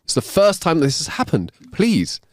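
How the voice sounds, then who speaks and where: A man's voice: a little high, huge pitch swings, moderate pace, no echo, clean studio sound, pitched above the performer's own voice. A man voicing a showy stage speaker who questions his audience about ghosts, in a grand announcing tone.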